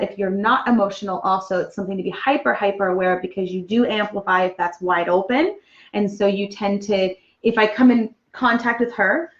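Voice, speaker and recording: A woman practitioner explaining a concept in casual chat, checking in often with "okay?" and pausing on fillers. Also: medium pitch. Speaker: Human Design practitioner. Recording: roomy, dull lo-fi sound.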